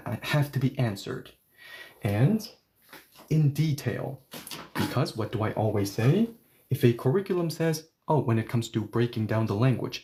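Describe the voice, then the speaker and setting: Dark-voiced male language teacher. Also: mid-range voice. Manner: emphatic, repeats words for stress, acts out little dialogues. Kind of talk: explanatory online lesson.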